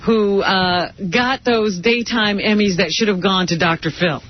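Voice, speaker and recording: A woman co-hosting a radio show in casual banter, wry and quick with retorts. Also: mid-range voice, slight background noise. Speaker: radio co-host. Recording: dull lo-fi radio sound, faint music.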